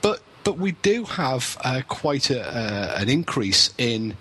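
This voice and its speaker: Bright-voiced man explaining. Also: medium pitch, sing-song, husky. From Wales, UK. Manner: measured, explanatory, dry humour. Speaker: co-host, paranormal researcher. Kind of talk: casual podcast chat.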